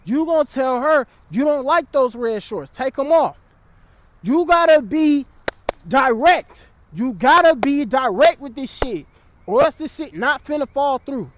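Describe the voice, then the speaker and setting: A man's voice: extremely high pitch, animated, unhurried, a bit bright, a little hiss or hum. A young man giving blunt, profane dating advice in a casual vlog, often checking in with the listener.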